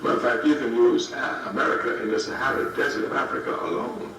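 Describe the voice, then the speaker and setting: A man's voice: mid-range voice, expressive, quick pace. A man in his fifties giving a political speech to students, emphatic and repeating key phrases for effect. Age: 50s. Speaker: speaker addressing students. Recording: roomy, distant archive recording with faint hiss.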